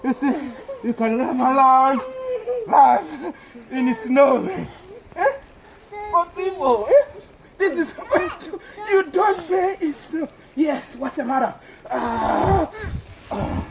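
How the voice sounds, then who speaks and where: A man vlogging outdoors in the snow, playful and laughing, often shouting and repeating himself. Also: extremely high pitch, lively intonation, slow pace, creaky, a loud crowd. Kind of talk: excited outdoor vlog. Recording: loud outdoor noise. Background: loud noise.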